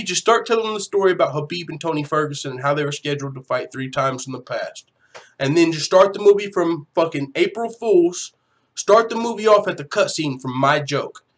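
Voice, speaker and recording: Excitable, cursing man hosting a live stream. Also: a little high. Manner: excitable and profane, swinging from mumbling to shouting. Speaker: MMA YouTuber hosting a live chat. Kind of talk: casual live-stream commentary.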